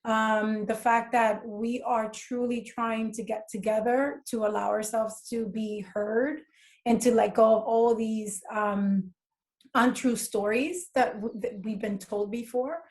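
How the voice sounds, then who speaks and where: Brief: higher-pitched woman, podcast guest, animated storyteller. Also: unhurried. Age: adult with children. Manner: animated, acts out dialogue from her stories. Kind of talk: casual interview talk.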